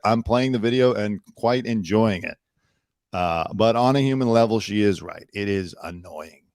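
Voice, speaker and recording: A man's voice: lowish voice, darkish tone, dry recording, studio quality. A man hosting a show with casual news commentary, chatty and sarcastic, full of "like" fillers.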